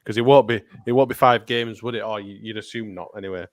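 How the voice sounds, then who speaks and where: A man's voice: lowish voice, fast, no echo. A man hosting a football podcast, chatty and teasing. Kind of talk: casual chat among mates.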